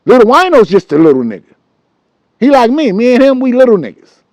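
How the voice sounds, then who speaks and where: High, animated man telling a story. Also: fairly quick, no echo, dull audio. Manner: animated and loose, acts out voices and hums tunes. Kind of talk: casual storytelling.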